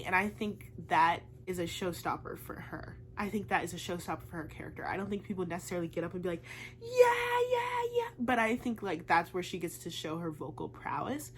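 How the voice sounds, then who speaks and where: In a relaxed vlog, a young woman with a lowish voice raves about a musical, chatting away and dropping "like" constantly. There's slight background noise.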